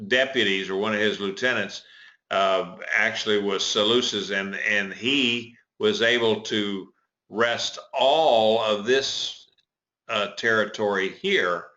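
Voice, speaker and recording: A man teaching a Bible study, talking casually with many pauses, fillers and restarts while he points things out on a map. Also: on the low side, sharp tone. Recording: dull lo-fi recording.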